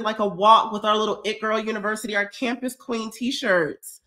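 A woman's voice: mid-range voice, steady tone, normal speed, pushed and bright. A woman, a little stuffy from a cold, chatting effusively as she hosts a fitness check-in livestream and answers viewers' comments. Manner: chatty, effusive, says y'all often. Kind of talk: casual livestream chat reading comments.

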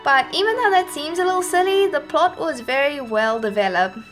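A woman's voice: sits high, expressive, brisk, soft background music. A woman YouTuber talking casually and enthusiastically about her favourite creature designs, with small restarts. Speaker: YouTuber reviewing Pokémon designs. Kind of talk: casual monologue to camera.

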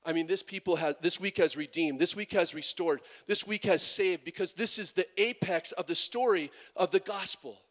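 A man preaching a sermon as pastor, animated, with many restarts and acted-out quotes. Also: high voice, normal speed, hardly any pauses.

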